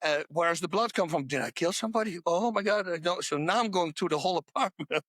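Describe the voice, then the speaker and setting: A man with a high-pitched voice tells wild stories in a podcast chat, laughing between words and tripping over his restarts. The sound is close and dry, with no room around it. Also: fast talker, no echo. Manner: lively storyteller, laughs mid-sentence, restarts words. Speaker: podcast guest. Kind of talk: animated anecdote telling in a podcast chat.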